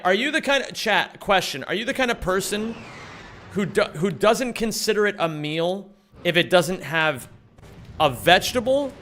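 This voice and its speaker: A man's voice: sits high, fairly bright tone, slight background noise. A young man streaming a speedrun, chatting casually with viewers, coaching himself and swearing freely. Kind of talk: casual livestream chat while speedrunning.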